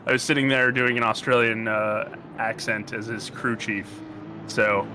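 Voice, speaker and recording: With an American accent, a man offers jokey, rambling commentary on a sim race, quick to banter. His voice is on the low side with fairly even intonation, and the stream audio is noisy.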